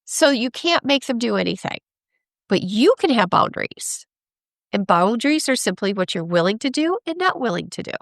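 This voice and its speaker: A woman speaking as an expert guest in a conversational interview, animated, acting out parents and kids, often asking "right?". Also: a little high, moderate pace, no echo, clean studio sound. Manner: animated, acts out parents and kids in quoted voices; frequent laughs and "right?" tags.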